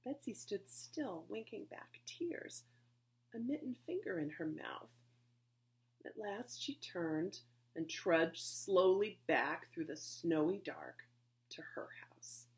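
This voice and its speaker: A woman reading a children's chapter book aloud with expressive, lively storybook delivery. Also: fairly low pitch, slow. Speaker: reader, society board member.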